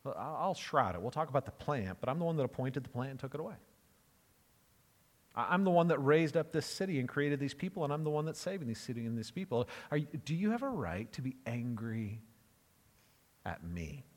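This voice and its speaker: A man's voice: on the high side, normal speed, long pauses, darkish tone, in a large hall, natural voice. A man voicing God as a challenging questioner, pressing a prophet with pointed, incredulous questions. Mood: searching.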